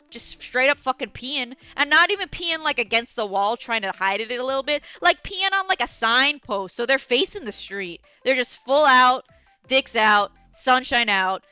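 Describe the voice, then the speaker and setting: Animated, foul-mouthed young woman streamer. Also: on the high side, normal speed, smooth, no echo, soft background music. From New York City. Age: young adult. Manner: swears constantly, rants with outrage. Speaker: streamer reading chat. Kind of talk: casual livestream chat.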